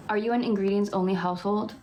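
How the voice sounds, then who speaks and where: A woman's voice: mid-range voice, steady tone, fast, darkish tone, slight background noise. A young woman from Vancouver with a West Coast Canadian accent, chatting casually on a livestream and answering viewer comments, laughing often and saying "like" a lot. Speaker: livestream host.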